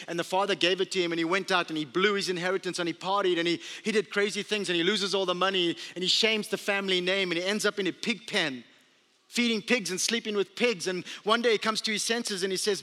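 A man's voice: high voice, brisk. A man pastor preaching a sermon, telling stories and acting out the quotes with animation. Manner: storytelling, animated with acted-out quotes. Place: church sanctuary. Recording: long reverb of a large hall.

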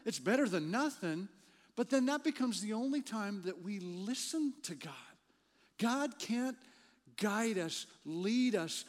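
A man preaching a sermon as a pastor, conversational, repeating words as he builds a point. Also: high-pitched. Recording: long hall reverb.

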